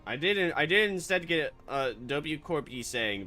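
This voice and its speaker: A male VTuber streaming a story game, alternating between reading narration aloud and joking, sarcastic commentary. His voice is somewhat high and very lively, with game music faintly underneath. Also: unhurried. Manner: animated, joking, sarcastic, laughs often.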